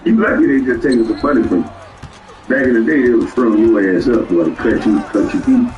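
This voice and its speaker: A man's voice: medium pitch, fast talker, darkish tone, muffled recording. A man streaming a reaction, laughing a lot and mocking the person in the clip in casual commentary. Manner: laughs often, teasing, repeats lines back. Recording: roomy, distant from mic, faint music.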